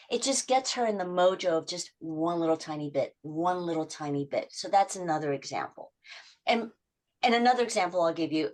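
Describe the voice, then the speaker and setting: A middle-aged woman habit coach in a podcast interview, telling client stories and acting out their quotes in lively voice shifts. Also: deep voice.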